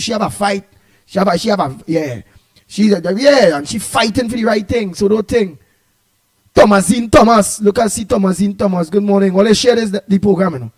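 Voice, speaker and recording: A Trinidadian man hosts a live stream in a high, bright-pitched voice. He rambles and repeats himself, stumbling over words, and teases the viewers in loose, playful chat. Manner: playful, teasing banter. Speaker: host of an online talk show.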